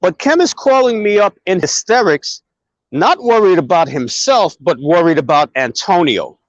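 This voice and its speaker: Animated, profane male host with a high voice. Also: normal speed, dry recording, highs cut off. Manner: animated, profane, acts out quoted dialogue. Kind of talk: casual storytelling chat.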